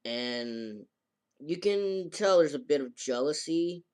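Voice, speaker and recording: Rambling male reviewer, casual recap, halting delivery. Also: a little high, animated, a little mellow, clean tone. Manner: rambling, halting, with many fillers and restarts. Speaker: anime reviewer.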